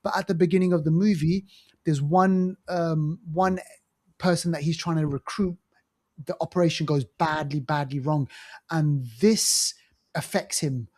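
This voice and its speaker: Rambling enthusiastic podcast co-host. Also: male voice, on the high side, steady tone, a little slow, darkish tone. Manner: enthusiastic, rambling with many fillers and restarts. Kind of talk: casual movie review chat.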